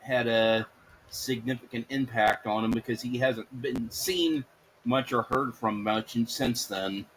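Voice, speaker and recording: A man talks in a wry, deadpan manner. His pitch is middling for a man. Faint ambient noise sits behind his voice. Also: unhurried, poor audio. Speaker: guest wrestler.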